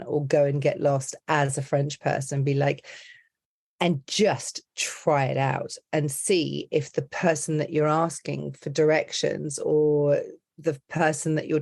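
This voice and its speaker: A woman who coaches accents, chatting as a podcast guest in a lively, laughing way that often breaks off mid-sentence. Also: low voice, vocal fry, no room sound, clean studio sound. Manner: animated, laughing, self-interrupting storyteller. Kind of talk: casual interview chat.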